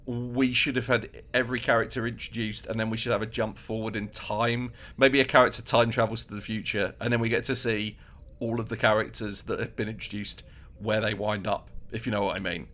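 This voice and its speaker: A man's voice: fairly low pitch, flat delivery, a little fast, fairly bright tone. A man co-hosting a podcast, chatting casually and animatedly, with many restarts, acting out little quotes. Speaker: podcast co-host. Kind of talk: casual chat.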